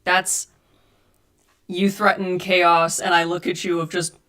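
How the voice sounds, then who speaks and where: A woman's voice: fairly low pitch, level tone, slow, sharp tone, smooth. A woman chatting casually with her viewers on a live stream from home, reading and answering chat and troubleshooting her audio. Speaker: cosplay streamer. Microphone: desk USB mic.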